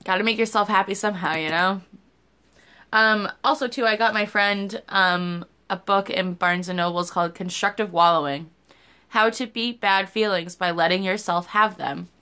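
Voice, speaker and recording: A woman's voice: medium pitch, normal speed, sharp tone, clean tone. A young woman in a casual vlog, talking candidly and rambling, swearing freely as she shares personal stories. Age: young adult. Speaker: YouTuber.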